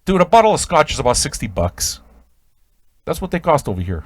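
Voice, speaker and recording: A man hosting a radio show, telling an improvised absurd comic story in a rambling, stammering way with sudden shouted outbursts. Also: a little high, big pitch swings, a little fast, dry recording.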